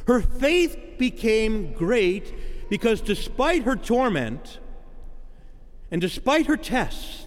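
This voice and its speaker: Animated male preacher in a reverberant hall. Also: high-pitched, slow pace. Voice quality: dramatic preaching cadence, acting out quoted voices. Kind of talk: sermon.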